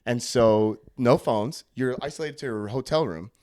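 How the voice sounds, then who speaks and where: A man's voice: medium pitch, moderate pace. A young man telling stories in a casual podcast chat, acting out the people he quotes. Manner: animated storyteller, acts out quotes. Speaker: podcast guest.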